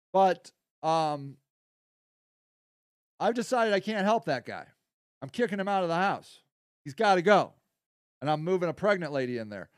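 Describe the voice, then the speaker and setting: A man hosting a podcast in a casual monologue, rambling and blunt, often profane, going from quiet asides to heated stretches. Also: a little high, no echo, clean studio sound. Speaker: podcast host.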